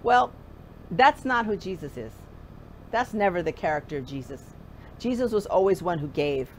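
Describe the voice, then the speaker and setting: A woman's voice: lowish voice, animated, moderate pace, slight background noise. A woman pastor preaching a conversational sermon, often asking the listener direct questions.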